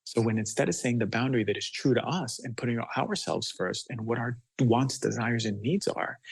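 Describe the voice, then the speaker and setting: Appearing as a guest doctor on a podcast, a man talks with passion and force, sometimes acting out children's voices. His medium-pitched voice is creaky and slightly rough, captured in a dry recording of poor quality.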